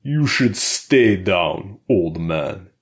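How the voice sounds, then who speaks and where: A man's voice: sits low, animated, very slow, creaky, heavily acted. A male narrator voicing a huge brutish male prison fighter with a thick Russian accent, growling and sneering. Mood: taunting.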